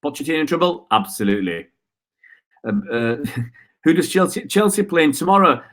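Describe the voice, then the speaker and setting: A man's voice: a little high, big pitch swings, moderate pace, fairly bright tone. A man hosting a live football stream, ranting in frustration and answering viewer comments with rhetorical questions. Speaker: football channel host.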